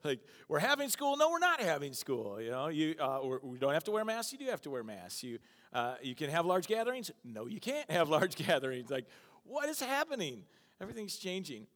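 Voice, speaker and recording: A man preaching as a pastor, telling a story, animated, and acting out the people in it. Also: fairly high pitch, brisk. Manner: animated, acts out quotes, laughs at his own stories. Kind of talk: sermon with storytelling. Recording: long reverb of a hall.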